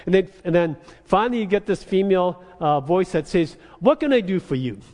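A man with a high voice preaching a sermon, his words ringing out in the long reverb of a church sanctuary. He tells animated, comic stories. He keeps turning to the congregation with "amen?" and "right?". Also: a little fast. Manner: animated storytelling, acts out frustrated phone calls. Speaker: pastor.

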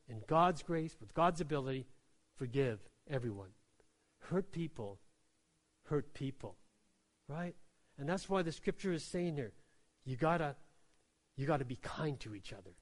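A pastor preaching a sermon in a conversational way, often checking in with the listeners and dropping soft and slow on key lines. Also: male voice, on the high side. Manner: conversational preaching with many tag questions.

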